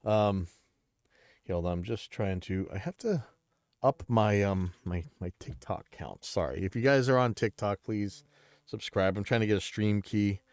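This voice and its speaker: A man hosting a casual livestream, talking bluntly and rambling with restarts, a bit stuffy and clearing his throat. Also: lowish voice, unhurried, a little mellow, no room sound, clean studio sound. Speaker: livestream host.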